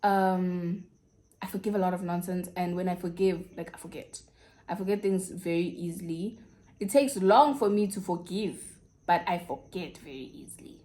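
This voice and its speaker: A woman's voice: on the low side, moderate pace, warm tone. Frank South African woman telling a story. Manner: frank, slangy, confiding. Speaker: YouTuber. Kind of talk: candid storytime chat.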